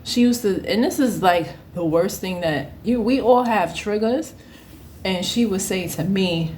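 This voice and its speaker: A woman in her thirties telling a casual story, animated and often laughing as she acts out the people in it. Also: mid-range voice, unhurried, a little hiss or hum. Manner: animated, acts out quoted voices. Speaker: vlogger.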